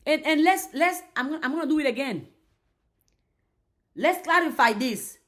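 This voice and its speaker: A woman's voice: high voice, lively intonation, normal speed, fairly bright tone. A woman giving an emphatic motivational faith talk on a live stream, repeating herself and restarting lines as she goes. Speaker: faith and mindset creator.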